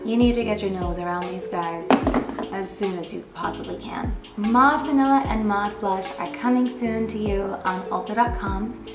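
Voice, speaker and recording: Late-30s woman, gushing promo delivery, average pitch, roomy sound with music behind. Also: moderate pace, distant mic. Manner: gushing, soft-spoken. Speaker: beauty brand founder. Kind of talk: product promo talk. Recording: echoey room with music behind.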